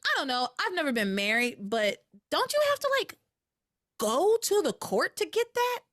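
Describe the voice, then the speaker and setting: A young woman with a fairly high voice chats on a podcast, recapping a soap opera in a lively, exasperated way. She jumps into quick acted-out quotes of the characters. Her voice is close and dry, with no room sound. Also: no echo. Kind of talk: casual chat.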